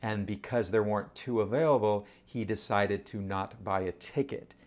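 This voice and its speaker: A man talking casually to camera, animated and rhetorical, often throwing questions at his audience. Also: lowish voice, moderate pace. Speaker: vlogger.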